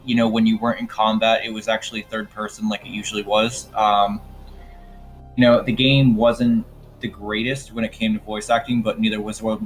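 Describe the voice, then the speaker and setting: A man co-hosting a podcast in relaxed casual chat. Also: on the low side, normal speed, soft background music. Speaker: podcast co-host.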